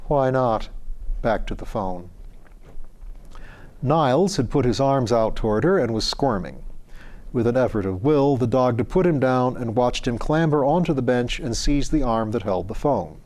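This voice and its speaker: A man reading a story aloud as narrator, in a measured and expressive way. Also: medium pitch.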